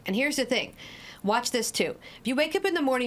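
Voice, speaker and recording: A woman's voice: sits high, animated, brisk. Woman guest, 40s, addiction coach; direct, practical, walks through everyday scenarios. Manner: direct, no-nonsense, explains with everyday examples. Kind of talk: podcast interview.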